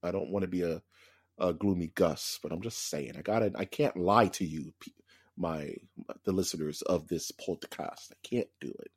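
A man's voice: sits low, normal speed, breathy edge, no room sound, studio quality. A man co-hosting a podcast, chatting casually and ranting with strong opinions, full of fillers and restarts. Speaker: podcast co-host. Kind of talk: casual chat.

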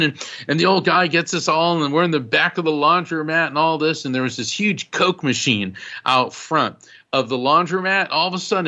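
A man, an author and guest, telling stories in a casual, animated way, often saying "you know" and laughing as he goes. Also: fairly high pitch, highs cut off. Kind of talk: casual storytelling in conversation.

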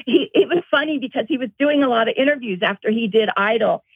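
A woman's voice: fairly high pitch, fast, husky, dry recording. Woman on a tinny phone line. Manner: animated, laughing, acts out quotes. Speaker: guest, former colleague. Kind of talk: casual storytelling.

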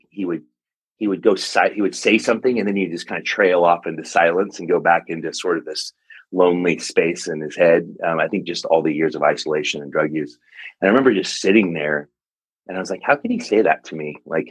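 A man in his forties, a pastor and author, telling a personal story in an interview, earnest and reflective with halting restarts. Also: sits low, breathy edge, no echo, rough recording. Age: 40s.

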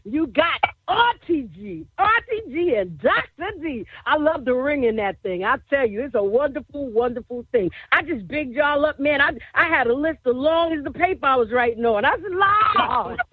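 A woman's voice: high voice, lively intonation, moderate pace, hardly any pauses, no room sound. A woman hosting a gospel radio show with exuberant energy, laughing often and repeating her catchphrases, heard over a tinny phone line.

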